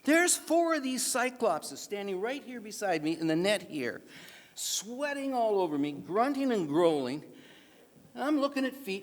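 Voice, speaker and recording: A man giving an animated, self-mocking storytelling speech at an awards event, acting out the other people in his story. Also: high-pitched, a little slow. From Canada. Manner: animated, self-mocking anecdote with acted-out voices. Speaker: awards speaker. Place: banquet hall. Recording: reverberant hall PA sound.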